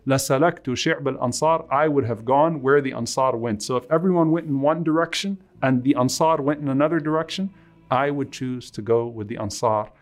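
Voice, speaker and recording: A man giving a sermon, retelling a story with quoted speech, reciting lines of Arabic quickly and then translating them slowly and with emphasis. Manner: retells a story with quoted speech, rising in pitch at emotional peaks. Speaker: preacher.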